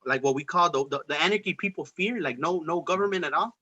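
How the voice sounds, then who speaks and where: Guy rambling on a podcast, swears a lot, slangy, kinda high sharp voice, muffled lo-fi sound. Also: fast, slightly rough. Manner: rambling, profane, streetwise slang. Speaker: podcast host. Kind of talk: casual political debate chat.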